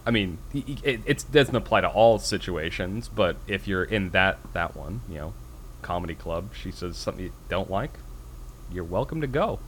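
A man co-hosting a podcast in casual chat, quick to laugh. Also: low-pitched, expressive, slight background noise. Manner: laughs often, loud bursts of laughter. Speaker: podcast co-host.

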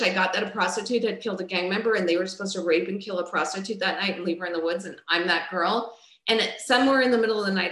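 A middle-aged woman telling her own life story as a personal testimony, candid and raw, moving from low and quiet to loud outbursts. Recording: roomy echo.

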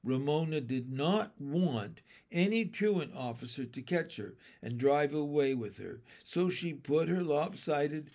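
A man narrating a children's chapter book aloud in a steady, gentle storytelling way. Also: fairly high pitch, a little slow, few pauses. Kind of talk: audiobook narration.

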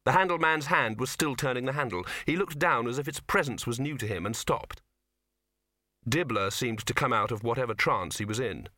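A man's voice: normal speed, bright, forceful tone, no room sound, clean studio sound. A man narrating a comic fantasy novel, lifting his voice for the characters' lines. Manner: reads all the characters in one voice, lifting pitch for dialogue. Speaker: audiobook narrator. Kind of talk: scripted narration.

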